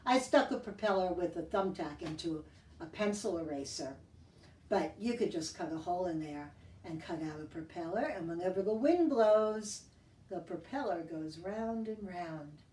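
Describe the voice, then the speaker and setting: A woman leading a children's sing-along and story time, speaking gently in a sing-song way to young kids. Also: fairly low pitch, moderate pace. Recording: echoey room, mic at a distance, guitar.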